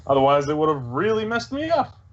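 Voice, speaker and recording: A man's voice: a little high, big pitch swings, a little fast, crowd noise. Brief: hesitant male player, casual game talk, dull lo-fi sound. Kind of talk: casual tabletop game chat. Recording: dull lo-fi recording.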